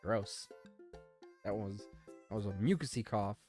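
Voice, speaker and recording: A man's voice: lowish voice, measured pace, darkish tone, faint music behind. A man playing a dating game, casually commenting and reading the lines aloud in a playful, jokey way. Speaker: let's play host.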